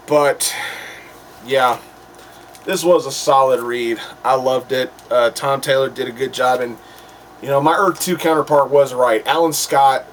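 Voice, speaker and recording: A man hosting a casual comic book review, rambling with fillers, laughs and the odd swear word. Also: mid-range voice. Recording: distant mic with faint background noise.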